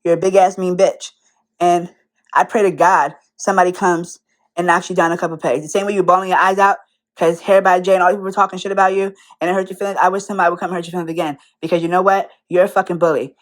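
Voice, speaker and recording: A woman's voice: fairly low pitch, level tone, fast talker. A young woman in an angry, profane rant, firing rhetorical questions at the person she is calling out. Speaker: commentary vlogger.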